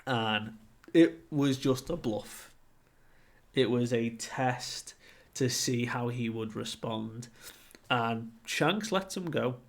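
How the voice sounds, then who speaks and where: Young man, unhurried delivery, casual commentary, relaxed filler-heavy chat. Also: medium pitch. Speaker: manga reviewer.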